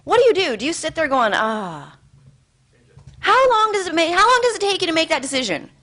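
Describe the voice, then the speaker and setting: Bright-voiced woman giving a motivational talk. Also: extremely high pitch, quick pace. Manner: animated, conversational storytelling. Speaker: motivational speaker. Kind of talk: motivational talk to a live audience.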